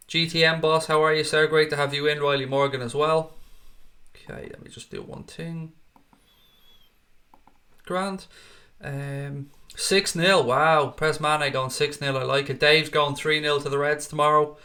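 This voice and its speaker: A man's voice: fairly high pitch, steady tone, normal speed, long pauses, sharp tone. A young man hosting a live football stream from a home green-screen studio, greeting viewers by name and reading their comments aloud. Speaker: livestream host.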